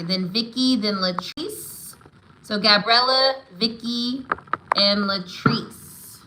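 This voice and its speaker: A woman's voice: mid-range voice, reverberant, background noise. A woman giving live tarot and oracle readings, affirming and encouraging, often checking in with "right?" and "okay?". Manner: emotional, spiritual encouragement. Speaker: tarot reader.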